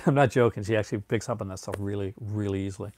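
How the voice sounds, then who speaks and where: A man with a Newfoundland accent chats casually with his viewers, drifting through tangents as he answers their questions. His voice sits on the low side. The recording is dry and close, with no room sound. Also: a little mellow, dry recording. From Newfoundland, Canada. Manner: chatty and rambling, drifting between tangents. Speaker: streamer answering viewer chat. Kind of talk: casual live-stream chat.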